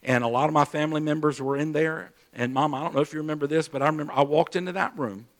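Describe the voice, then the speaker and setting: A man with a slightly high voice preaches, telling a personal story to his listeners. He drops into hushed, low intensity and then climbs into loud, raised emphasis, repeating and restarting words as he goes. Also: fairly even intonation, quick pace. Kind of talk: sermon testimony.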